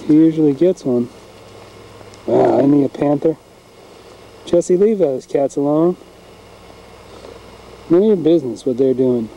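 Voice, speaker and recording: A man's voice: medium pitch, measured pace, long pauses, dark tone, slight background noise, rough recording. A man narrating casually as he films his farm outdoors on a handheld camcorder, folksy and rambling. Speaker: home video maker. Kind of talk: casual narration while filming. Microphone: handheld camcorder mic.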